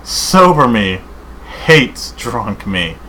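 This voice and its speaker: A man's voice: medium pitch, sing-song, very slow, bright, forceful tone, poor audio. Guy podcasting casually, rambly and hyped, says dude a lot, faint background hiss. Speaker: podcast co-host. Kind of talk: casual chat.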